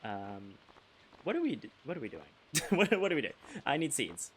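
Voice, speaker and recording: A man's voice: medium pitch, wildly swooping pitch, normal speed, a little hiss or hum. Rambling young man streaming a game. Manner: rambling, self-interrupting, laughs often. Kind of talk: casual live-stream chat while gaming. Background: game music.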